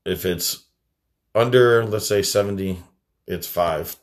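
A young man co-hosting a casual podcast, cracking deadpan jokes and telling rambling stories. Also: low voice, slow pace. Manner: joking, deadpan absurd asides. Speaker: podcast guest co-host. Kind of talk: casual chat.

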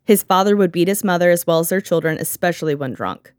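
A woman's voice: lowish voice, quick pace, darkish tone, no room sound. A woman hosting a podcast in casual chat, sarcastic and often laughing, on a close mic. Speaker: podcast host.

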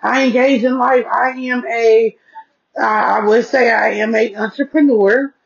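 A woman's voice: a little high, steady tone, a little slow, gravelly. A woman hosting her solo podcast, chatting folksily into an earpiece mic and often checking in with "okay?". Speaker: podcast host. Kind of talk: casual solo podcast chat. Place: seated at home with devices. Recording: dull lo-fi sound.

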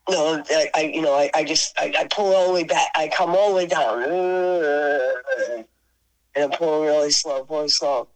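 Older woman guest, low-pitched, animated anecdote teller who laughs often, on a radio-style recording. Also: a little fast, few pauses, poor audio. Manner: animated, laughing often, voices her friend's lines. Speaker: podcast guest, singer. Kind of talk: casual storytelling interview.

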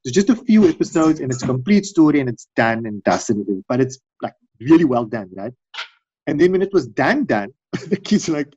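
A middle-aged man in casual chat, telling long rambling stories and acting out quotes in high voices. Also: big pitch swings, fairly quick, darkish tone, breathy edge, no echo. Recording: dull dry recording.

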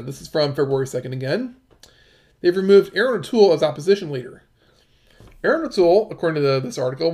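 A man with a somewhat high voice reads news articles aloud and breaks off into his own comments. His delivery is halting, full of fillers and restarts. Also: darkish tone.

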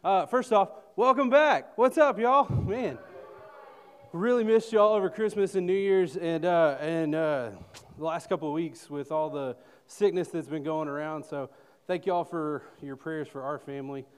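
Breathless youth pastor in a hall. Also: male voice, fairly high pitch, normal speed, smooth. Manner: energetic, joking with the crowd. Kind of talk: announcements to a youth group. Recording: echoey hall.

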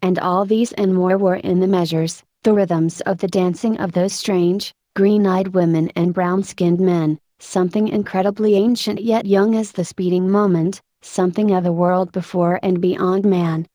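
A woman narrating an audiobook in a measured, lyrical storytelling manner. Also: on the low side, steady tone, mellow, no echo. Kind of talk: scripted narration.

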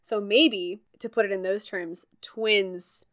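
A woman's voice: medium pitch, steady tone, slow pace, fairly bright tone. A young woman in casual conversation, talking freely with many fillers and easy laughs. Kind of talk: casual chat.

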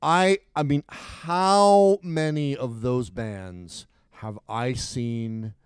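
A middle-aged man talks in a smooth, resonant voice, rambling through stories with restarts and bursts of excitement. The sound is dry and close, with no room around it. He sounds like a podcast co-host chatting loosely with a friend. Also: medium pitch, very slow, no echo. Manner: animated, rambling storyteller with frequent restarts. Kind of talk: casual chat.

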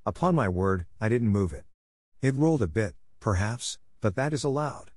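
A man voicing a boastful, excitable young English gentleman in a storybook reading. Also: fairly low pitch, moderate pace, no room sound, clean studio sound. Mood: cocky. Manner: excited, cocky.

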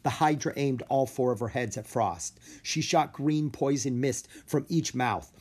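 A man narrating a children's book aloud in an expressive storytelling way. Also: medium pitch, unhurried, slightly rough. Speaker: audiobook reader.

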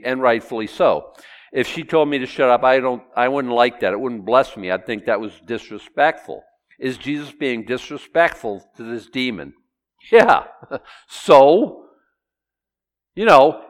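A middle-aged pastor preaching an expository sermon, animated, acting out Bible voices and quizzing his congregation. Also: mid-range voice. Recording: long hall reverb.

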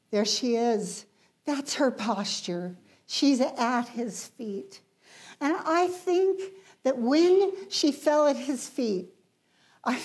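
A woman preaching a sermon, emphatic, rising in intensity and then dropping to hushed lines. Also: fairly high pitch.

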